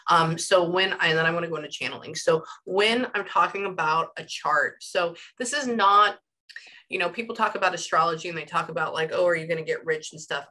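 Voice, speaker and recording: A woman's voice: lowish voice, a little fast, pushed and bright. A woman astrologer and psychic reader giving a casual one-on-one session over a video call, chatty and rambling with lots of "like". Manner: chatty and rambling, heavy use of "like". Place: home room. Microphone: headphones on a video call.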